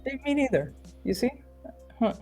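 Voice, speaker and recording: A woman's voice: a little high, sing-song, normal speed, darkish tone, soft background music. A woman talking as a guest on a video call, hesitant and thinking aloud as she answers. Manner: hesitant, many fillers and restarts, thinking aloud. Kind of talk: casual conversation.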